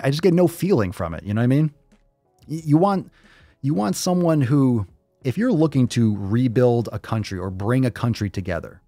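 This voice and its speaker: Emphatic man ranting, mellow low voice. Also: no room sound. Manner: emphatic, profane, repeats words for emphasis. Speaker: podcast host. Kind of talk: casual ranting commentary.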